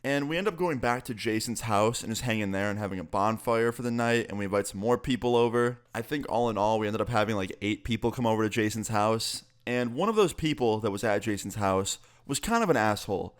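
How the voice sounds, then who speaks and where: Profane, animated young man telling a story. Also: on the low side, a little fast, few pauses, clear, resonant tone. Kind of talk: storytime vlog.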